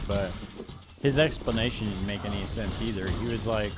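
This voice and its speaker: A man's voice: lowish voice, quick pace. Rambling streamer guy saying "dude" a lot. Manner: rambling, says "dude" constantly. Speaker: game streamer. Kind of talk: casual live-stream chat. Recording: steady background noise.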